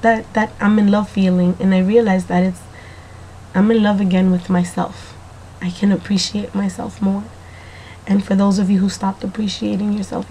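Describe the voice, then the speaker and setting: A woman keeping a casual video diary, chatty and rambling, talking straight to the viewer, slightly hoarse from allergies. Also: medium pitch, a little mellow, a little hiss or hum.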